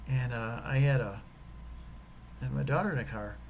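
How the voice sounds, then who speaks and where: A man giving a motivational talk and telling a personal story. He is animated and swings between loud emphasis and hushed whispers. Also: medium pitch, normal speed, creaky, slight background noise, rough recording. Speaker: motivational speaker.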